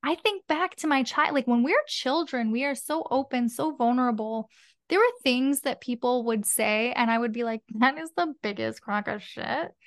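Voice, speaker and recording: A woman's voice: high-pitched, moderate pace. A woman guest on a podcast talking casually and expressively, swearing now and then. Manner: expressive, swears casually, acts out inner voices. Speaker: podcast guest, spiritual mentor. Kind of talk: casual conversational interview.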